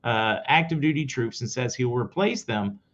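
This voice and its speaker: A man's voice: mid-range voice, lively intonation, normal speed, fairly bright tone. A man hosting his own news commentary show, giving blunt opinions straight to his viewers. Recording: slightly dull lo-fi audio.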